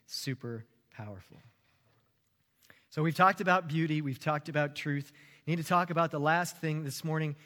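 A man preaching a sermon as a pastor, telling a story with animated, rising emphasis. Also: high voice, long reverb tail.

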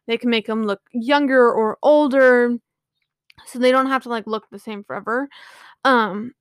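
A woman's voice: on the high side, clear, resonant tone, dry recording, studio quality. A woman casually retelling a myth to her viewers, rambling with lots of "like" and "you know".

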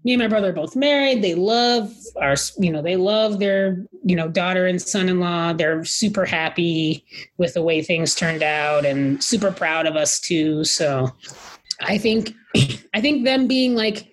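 Husky, earnest woman in conversation. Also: on the low side, a little slow. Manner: thoughtful, earnest, with frequent fillers. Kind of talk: casual conversation.

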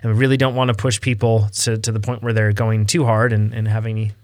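A man's voice: lowish voice, little pitch movement, quick pace, no room sound, studio quality. A man hosting a cycling podcast, casual and chatty, reading out listener questions and sharing his view. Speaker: podcast host. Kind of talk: podcast discussion.

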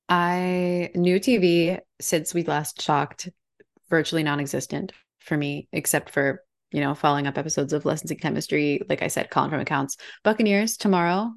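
A young woman co-hosting a podcast, chatting casually in an upbeat way with frequent laughs. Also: low voice. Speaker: podcast co-host. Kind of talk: casual chat.

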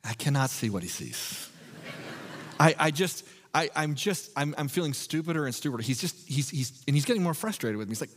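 A man preaching a sermon as pastor, telling a self-deprecating story in a relaxed, conversational way before moving into scripture. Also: a little high, a little fast, in a large hall.

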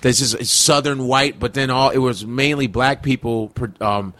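A man from Chicago, a stand-up comedian and guest on a podcast, chatting casually and telling animated, profane stories that slip into voices. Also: mid-range voice, normal speed. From Chicago, United States.

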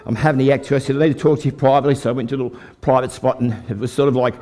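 A man's voice: mid-range voice, rapid-fire. An older Australian man telling a folksy faith story as a preacher to a live church audience. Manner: folksy storytelling, lively with the crowd. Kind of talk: testimony sermon.

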